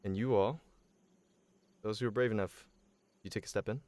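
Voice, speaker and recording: A man's voice: on the low side, steady tone, moderate pace, a little mellow, dry recording. A man running a tabletop game on a stream, narrating casually with many fillers.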